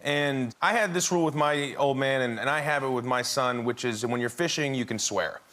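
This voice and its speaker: A man on a talk show, telling a comic anecdote with lively laughter and acting out the voices in it. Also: mid-range voice, moderate pace. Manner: animated storyteller, laughs through lines, acts out his son's and his own words. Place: TV studio with a live audience.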